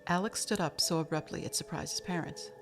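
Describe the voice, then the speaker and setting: A woman narrating a novel chapter in a steady, measured reading voice. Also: low voice, soft background music. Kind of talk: storybook narration.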